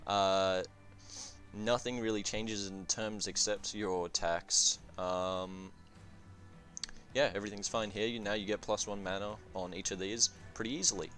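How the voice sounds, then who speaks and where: Low-voiced man rambling over game music. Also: fairly even intonation, a little slow, fairly bright tone. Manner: rambling, profane, thinking aloud with many fillers. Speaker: strategy game reviewer. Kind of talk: casual gameplay commentary.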